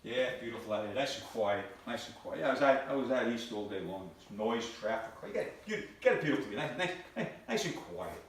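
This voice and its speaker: A man's voice: mid-range voice, sing-song, fast talker, hardly any pauses, a little hiss or hum. A male stand-up comedian on stage, teasing and quizzing the audience. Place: live stage before an audience. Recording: echoey hall from far off.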